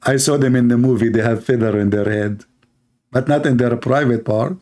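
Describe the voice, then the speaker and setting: A man's voice: mid-range voice, moderate pace, a little mellow. Mocking male commentator, non-native English. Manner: mocking, sarcastic. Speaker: online commentator. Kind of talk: screen-reading commentary.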